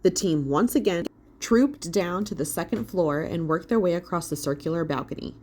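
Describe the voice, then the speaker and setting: A woman narrating a children's audiobook in an expressive, storytelling manner. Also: lowish voice, normal speed, a little hiss or hum. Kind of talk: scripted narration.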